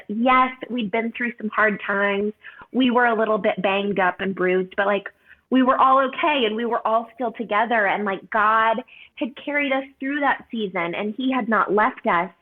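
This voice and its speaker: Woman in her 30s telling a story, earnest and heartfelt, lots of "like", sounds like a phone call. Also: a little high. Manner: earnest, heartfelt, many "like" fillers. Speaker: podcast guest. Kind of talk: personal storytelling. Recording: tinny phone-like line.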